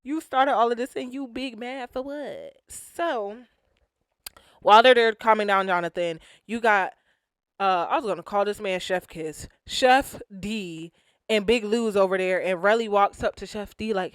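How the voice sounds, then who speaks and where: A woman's voice: medium pitch, unhurried, clear, resonant tone, no room sound, studio quality. Slangy woman recapping a reality show. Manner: animated, slangy, acts out quotes. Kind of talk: casual recap commentary.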